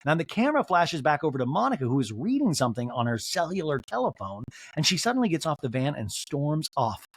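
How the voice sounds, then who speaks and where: A male podcast host who recaps television in a joking, animated way and slips into voices for the quotes. His voice sits fairly high for a man and swings widely in pitch. The recording is dry and close, with no room sound. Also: fast, breathy edge, no echo. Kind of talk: comedic TV recap.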